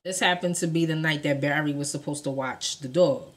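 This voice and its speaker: A young woman telling a true crime story to her viewers in casual, profane speech, acting out the quotes with sudden jumps in loudness. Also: low voice, brisk. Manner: animated, profane, acts out quotes with big swings in loudness.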